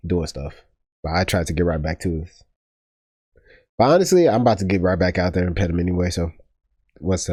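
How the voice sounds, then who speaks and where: A man's voice: low-pitched, darkish tone, dry recording, clean studio sound. A young man hosting a casual let's-play, rambling with profane joking asides. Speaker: gaming channel host. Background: game music.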